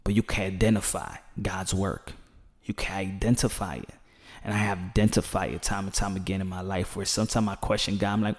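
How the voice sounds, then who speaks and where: Animated, preachy man in a commentary vlog. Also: fairly low pitch, fast. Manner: emphatic, swings from hushed to loud and animated. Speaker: commentary vlogger.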